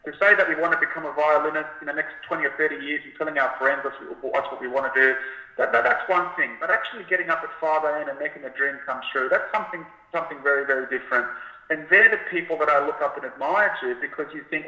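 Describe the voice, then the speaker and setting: A man with a very bright, forceful voice and a slightly high pitch shares an anecdote in an interview. He sounds middle-aged, talks with enthusiasm and acts out the people in his story. The room is echoey. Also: quick pace. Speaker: author and guest.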